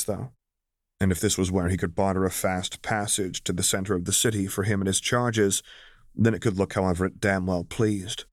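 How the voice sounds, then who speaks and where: Deep-voiced man narrating a story. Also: dry recording, clean studio sound. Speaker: audiobook narrator. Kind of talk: fan fiction audiobook narration.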